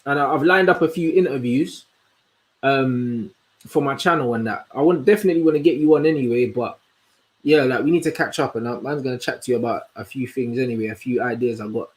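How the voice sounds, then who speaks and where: A young man, hosting a casual livestream and chatting in an animated, slangy way as he answers comments. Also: mid-range voice. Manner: slangy, animated, answers chat with quick asides. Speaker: host.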